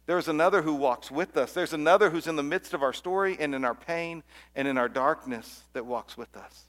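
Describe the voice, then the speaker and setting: A man's voice: on the high side, brisk, a bit bright. A middle-aged man preaching a Christmas sermon as a pastor, earnest, often repeating words and dropping to a near-whisper at key lines.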